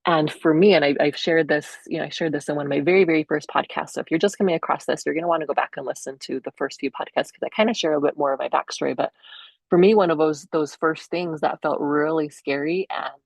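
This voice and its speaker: A chatty middle-aged woman talks through her own podcast in a low voice, recorded dry and close over a video call. She laughs often and leaps up in pitch whenever she acts out someone else. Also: steady tone, fast talker, creaky, dry recording. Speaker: podcast host. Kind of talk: casual solo podcast monologue.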